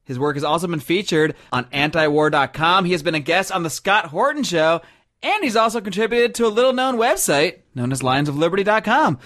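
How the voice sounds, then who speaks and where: A man's voice: high-pitched, expressive, fairly quick, fairly bright tone. A man hosting a podcast interview, reading sponsor spots with upbeat emphasis before talking with his guest. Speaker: podcast host.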